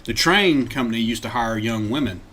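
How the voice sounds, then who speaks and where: A man's voice: mid-range voice, moderate pace, slight background noise. A man, co-hosting a podcast and telling a road-trip story in casual chat, acting out quotes. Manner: animated storyteller, acts out quotes loudly, laughs often. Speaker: podcast co-host.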